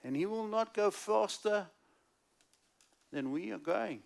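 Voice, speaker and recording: Slightly high-voiced male preacher. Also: animated, takes it slowly, vocal fry. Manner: emphatic, swings between loud stress and hushed asides. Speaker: guest preacher. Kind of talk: sermon. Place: church service.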